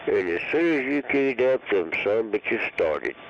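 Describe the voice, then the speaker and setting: A man's voice: on the low side, big pitch swings, measured pace. A man, chatting laid-back and profane over the CB radio. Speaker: CB radio talker. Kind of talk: casual CB radio banter. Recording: dull radio transmission with faint hiss.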